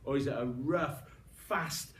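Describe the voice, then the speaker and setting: A man's voice: mid-range voice, a little slow, a little hiss or hum. A man telling a traditional story live, coaxing his listeners to join in and adding sound effects. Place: room with live audience. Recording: roomy, distant mic.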